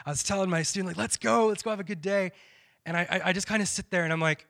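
Sitting high in pitch, this young man's voice is creaky yet fairly bright, and he talks fast. As a missionary sharing his testimony, he quotes his own inner thoughts and frequently starts over mid-thought.

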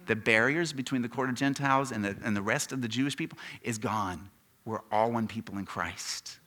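A man preaching a sermon, asking his congregation questions and swinging from quiet asides to loud, emphatic lines. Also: mid-range voice, normal speed. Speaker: pastor.

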